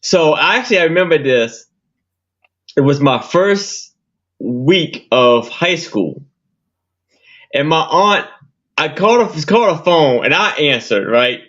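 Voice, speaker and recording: A man's voice: on the high side, expressive, takes it slowly, long pauses, fairly bright tone, highs cut off. A man guest telling a loose, laughing anecdote in a casual chat.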